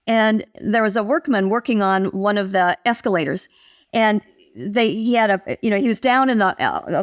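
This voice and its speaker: Animated older woman telling stories. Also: medium pitch. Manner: animated storyteller, acts out quoted voices. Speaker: guest, motivation expert. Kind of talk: interview conversation.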